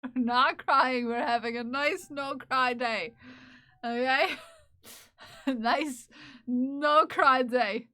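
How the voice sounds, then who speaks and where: A woman's voice: high-pitched, fairly even intonation, takes it slowly, bright, forceful tone, clear, resonant tone. A woman live streamer chatting casually with her viewers while knitting, playfully and teasingly scolding them in mock outrage. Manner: giggly and teasing.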